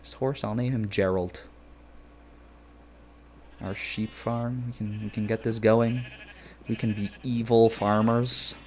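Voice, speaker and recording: Taking it slowly with long pauses, a man whose voice is on the low side and fairly even in intonation chats with viewers while streaming a game. He's jokey and playful, rambling along with plenty of filler phrases.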